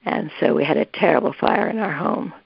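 A woman's voice: sits low, brisk, creaky, breathy edge, dry recording. An older woman telling a family story in a rambling way, restarting her sentences often, recorded lo-fi. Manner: rambling, with many restarts and asides. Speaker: interviewee recalling family history. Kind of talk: casual storytelling. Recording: dull, lo-fi, dry recording.

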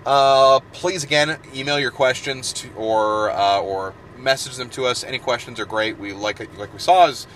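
Bright-voiced joking male podcast host. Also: medium pitch, moderate pace, few pauses, a little hiss or hum. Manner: joking, swears freely, animated. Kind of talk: casual podcast chat.

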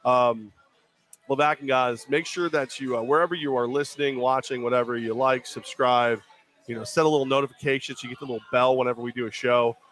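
A man co-hosting a podcast in casual sports chat, rambling and cracking jokes with quick asides. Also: medium pitch, steady tone, fairly bright tone. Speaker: podcast co-host.

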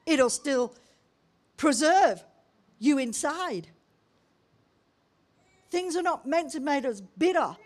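Higher-voiced older woman preaching. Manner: lively storytelling with humour and emphatic pauses. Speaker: pastor. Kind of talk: sermon.

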